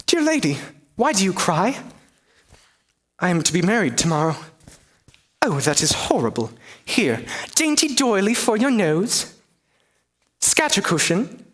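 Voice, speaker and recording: A young man voicing a young male outlaw hero disguised as a fussy, prim lady in a high put-on voice, in a comic one-man play. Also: very animated, unhurried, long pauses, a bit bright, heavily acted. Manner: prim, fussy, fake-genteel.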